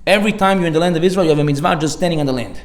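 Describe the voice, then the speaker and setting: A rabbi delivers a lively sermon at a brisk clip, his voice sitting a bit high for a man. He tosses in Hebrew words and street slang as he acts out everyday scenes. The hall around him rings with echo. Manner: energetic, animated, slips in Hebrew words and slang. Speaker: rabbi giving a Torah class. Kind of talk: lively sermon with acted anecdotes. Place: synagogue hall.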